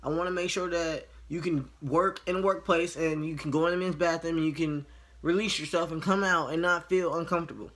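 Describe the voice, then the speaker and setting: Man, fairly high voice, casual storytelling, blunt, profane, exasperated. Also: fairly even intonation, a little fast, a bit bright. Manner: retells conversations by voicing each side. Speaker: line cook.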